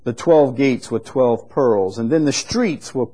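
A man preaching a sermon in an unhurried, conversational teaching manner, growing louder and higher when he reads scripture aloud. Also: breathy edge. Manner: rises in pitch and volume when reading scripture aloud.

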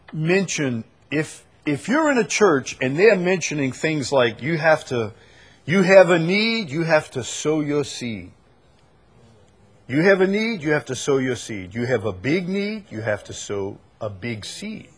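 A man's voice: on the high side, slightly rough. Emphatic man preaching a talk show. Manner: emphatic, repeats key points. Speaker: host.

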